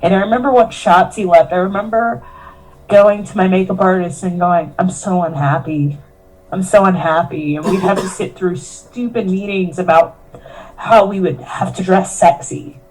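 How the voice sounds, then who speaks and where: A woman's voice: mid-range voice, normal speed, a little mellow, poor audio. A woman, a professional wrestler, telling her story in a candid interview, earnest and emotional, often quoting herself and others. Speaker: professional wrestler, podcast guest.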